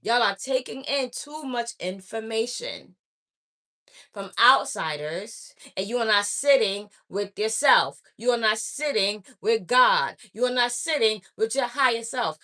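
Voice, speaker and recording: A woman's voice: fairly high pitch, expressive, measured pace, bright, forceful tone. A woman speaking straight to her viewers as an oracle reader, blunt and preachy, scolding them and repeating her points. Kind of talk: direct-to-camera spiritual message.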